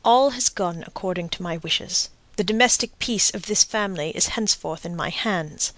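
A woman's voice: lowish voice, normal speed, no room sound, lightly acted. Polished ironic nobleman, read by a woman narrator; dry booth. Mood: scheming. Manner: polished, courteous, quietly ironic. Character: cool, scheming, courteous nobleman.

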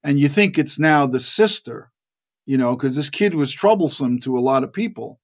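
A male actor with a mid-range voice speaks at a moderate pace while guesting in a casual interview. He drifts from story to story with animation, putting on the voices of those he quotes.

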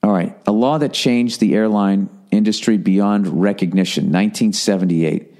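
The podcast host is a middle-aged man with a fairly low, mellow voice at a moderate pace. In his solo, rambling monologue he rants sarcastically and profanely and reads listener emails aloud, adding asides throughout.

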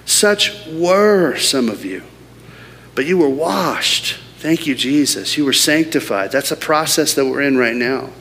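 A man's voice: medium pitch, expressive, measured pace, a bit bright. A man preaching a sermon as pastor, earnest and emphatic, asking the room rhetorical questions. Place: church auditorium. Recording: hall reverb, faint background noise.

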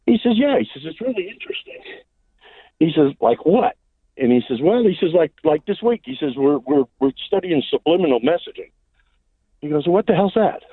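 A male caller comes through a thin, tinny phone line, his voice sitting a bit high for a man. He rambles through a long joke, stuffing it with fillers and endless "he says". The sound is close and dry. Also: sing-song, a little fast, breathy edge, no room sound. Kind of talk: telling a long joke on a call-in show.

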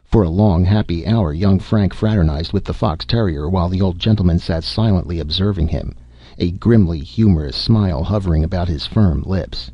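Man narrating audiobook, very deep voice, measured, dry dull recording. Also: dark tone, husky, no room sound.

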